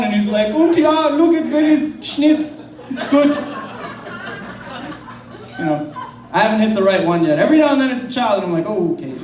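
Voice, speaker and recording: Stand-up comic from France, high voice, profane and loose, distant roomy club. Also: male voice, background noise. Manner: loose, profane, crowd work. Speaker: stand-up comedian. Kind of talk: stand-up comedy set. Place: comedy club. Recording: roomy club recording from afar with crowd. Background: audience laughter.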